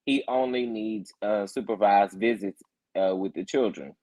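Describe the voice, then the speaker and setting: A man hosting a casual morning chat, reacting to viewer comments and getting emphatic and loud when worked up. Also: lowish voice, a little slow. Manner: animated, emphatic, rising to loud protest when fired up. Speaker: reality TV commentary host.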